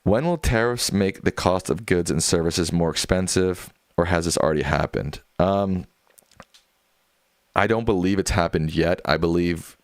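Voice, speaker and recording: Young male streamer, deep voice, dry close-miked sound, casual and rambling. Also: normal speed, no echo. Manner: loose and rambling, with many fillers and restarts. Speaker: livestream host. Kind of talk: casual livestream chat reading viewer comments.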